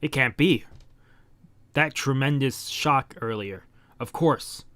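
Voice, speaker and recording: A man's voice: medium pitch, slow pace, bright, forceful tone, no echo. A man voicing a menacing, massive male monster king who speaks in a formal, haughty way while reading a manga aloud.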